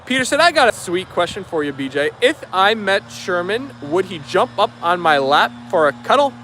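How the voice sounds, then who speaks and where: A man's voice: high-pitched, sing-song, normal speed, bright, forceful tone, slight background noise. A man hosting a dog livestream outdoors, reading viewer comments aloud in an upbeat, easygoing way. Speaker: livestream host. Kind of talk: live chat reading.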